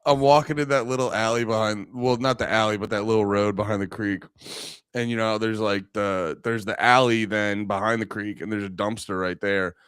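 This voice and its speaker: A man's voice: fairly low pitch, a little fast, clean tone, dry recording, clean studio sound. A man co-hosting a comedy podcast, telling stories with lots of laughter and acted-out voices. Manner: animated, laughing, acts out quoted voices. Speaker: podcast co-host. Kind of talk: casual comedic storytelling.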